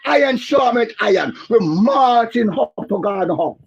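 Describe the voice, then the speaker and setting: A Jamaican man calling in to a political talk show, speaking fervently and repeating his points, sometimes rising to a shout, his voice muffled. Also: very high-pitched, animated, normal speed, gravelly, slight background noise. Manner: fiery, rising to shouts, repetitive. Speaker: caller. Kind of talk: impassioned political call-in. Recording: muffled lo-fi call line.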